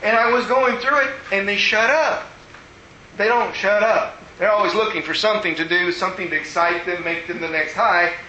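A man preaching a sermon as pastor, telling stories in an animated way and acting out the people he quotes. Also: high voice, normal speed, lo-fi sound, a little hiss or hum. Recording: roomy echo.

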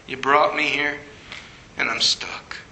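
A man preaching a sermon with a very bright, ringing voice that sits a little high for a man. He tells stories from his own life and leaps up in pitch when he quotes his younger self. The sound carries a noticeable room echo. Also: steady tone, slow pace. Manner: storytelling, rising high when acting out his past self.

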